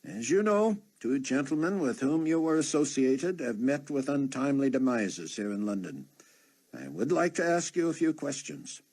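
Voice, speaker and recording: A man voicing a formal, proper police captain leaving a measured message. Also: mid-range voice, expressive, a little mellow, breathy edge, pitched above the performer's own voice.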